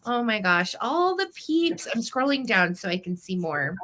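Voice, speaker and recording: Upbeat woman host for a live-sale stream, bright voice, chatty and welcoming by name. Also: fairly high pitch, big pitch swings, normal speed, slight background noise. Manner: chatty, greets viewers by name. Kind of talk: casual live-stream chat.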